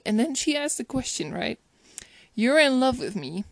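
A woman's voice: a little high, lively intonation, a little slow, no room sound. A woman talking casually about a romantic film, chatty and reflective, often laughing and restarting her sentences. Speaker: film reviewer. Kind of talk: casual spoken movie commentary.

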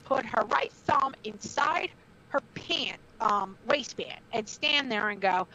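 A woman's voice: a little high, animated, takes it slowly, pushed and bright, slight background noise. A middle-aged woman and former wrestler telling a heated story in blunt, profane casual talk. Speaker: former wrestler, podcast guest. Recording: dull lo-fi recording.

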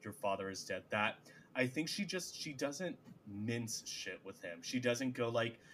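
Over a faint hiss or hum, a podcast co-host with a medium-pitched voice talks a little slowly. He's animated as he recounts scenes in a relaxed conversation, voicing the characters' dialogue himself.

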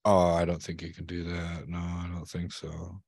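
A man's voice: sits low, monotone, moderate pace, vocal fry, a little mellow, no echo, clean studio sound. A man, a father, co-hosting a podcast, telling a childhood story in casual chat, swearing freely and acting out what people said. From Michigan. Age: adult parent. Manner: swearing storyteller who acts out quotes. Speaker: podcast co-host.

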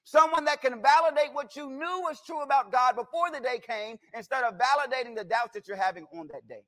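High-voiced man preaching a folksy sermon. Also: brisk, sharp tone. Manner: folksy, humorous storytelling with quoted voices. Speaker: guest preacher. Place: church sanctuary.

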